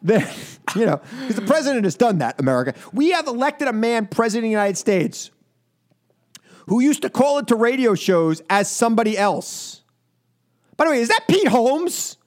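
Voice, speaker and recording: A man hosting a call-in radio show from a studio, animated and laughing, often repeating himself. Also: very high-pitched, moderate pace. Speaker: radio talk show host.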